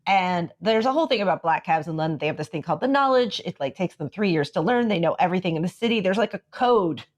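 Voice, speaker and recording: A woman co-hosting a podcast, chatting casually and telling an animated story, acting out the dialogue and saying "like" often. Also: lowish voice, fast, lo-fi sound. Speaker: podcast co-host. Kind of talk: casual chat.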